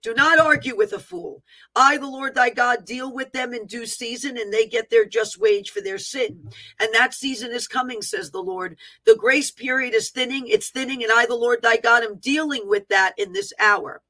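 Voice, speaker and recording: A woman with a fairly high, sharp voice reads a prophetic word aloud at a moderate pace, proclaiming it fervently. As a prophetic minister, she breaks off now and then for plain asides about how the written text looks.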